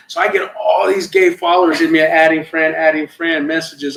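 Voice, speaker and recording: A middle-aged man, a comedian, telling stories in loose, profane, animated fashion during a casual podcast chat. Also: a little high, fairly quick, gravelly, hardly any pauses, reverberant, rough recording. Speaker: comedian guest.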